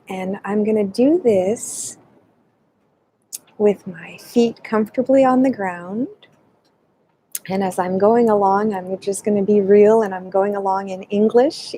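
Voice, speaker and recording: A woman with a mellow, soft-toned voice leads a laughter yoga class, taking her time with each phrase. She guides gently and moves between French and English without hurry. Faint room ambience sits behind her. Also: mid-range voice, slight background noise, low-quality recording. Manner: gentle, unhurried guidance mixing French and English. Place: indoors, alone.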